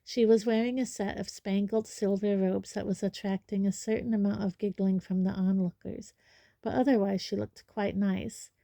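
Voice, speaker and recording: Mellow woman reading a storybook. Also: mid-range voice, level tone, normal speed, vocal fry, no echo, studio quality. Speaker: audiobook reader. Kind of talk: storybook narration.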